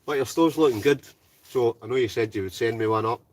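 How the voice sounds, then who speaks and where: This Scottish live streamer, sitting in a hot tent, keeps up easy banter, reads comments from viewers and often closes lines with "right?". His mid-range voice moves a little fast. He's far from the microphone, with slight background noise.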